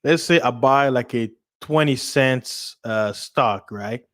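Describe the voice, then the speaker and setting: A man's voice: medium pitch, takes it slowly, a bit bright, no room sound, studio quality. A man from Africa hosting a casual livestream, reading comments aloud, chatty, laughing often and repeating his words as he goes. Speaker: channel host.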